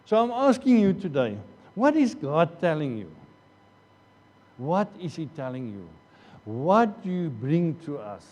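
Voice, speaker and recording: Male pastor, sermon, earnest and repetitive, slightly high voice, dark mellow tone, long hall reverb. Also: sing-song, unhurried. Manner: earnest, repeats phrases and restarts often. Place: church hall.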